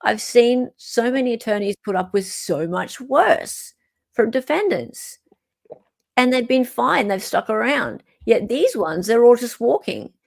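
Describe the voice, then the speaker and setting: An Australian woman hosts a casual livestream, chatting, reading court documents aloud and responding to viewer comments. Her fairly high voice is sing-song, gravelly and a little slow.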